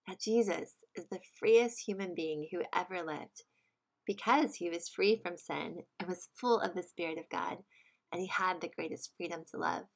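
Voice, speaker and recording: Female preacher, lowish voice, earnest and measured sermon delivery. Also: gravelly. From United States.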